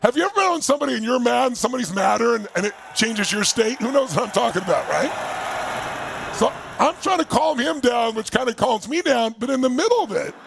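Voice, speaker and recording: A man telling a story in an animated, emphatic motivational talk, swearing freely. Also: very high voice, a little fast, creaky, background noise. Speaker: motivational speaker.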